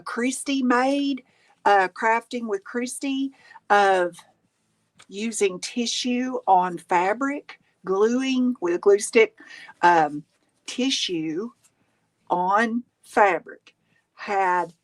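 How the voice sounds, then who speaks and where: A middle-aged woman runs a craft livestream, her voice a little high and her words drawn out. She chats casually while crafting, laughs often and reads viewer comments aloud.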